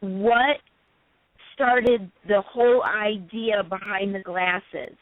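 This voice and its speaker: A woman's voice: mid-range voice, fairly even intonation, drawn-out words, dry recording. A woman co-hosting a call-in show, chatting in a friendly, affectionate way. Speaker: co-host. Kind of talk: casual chat on a call-in show. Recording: dry tinny phone line.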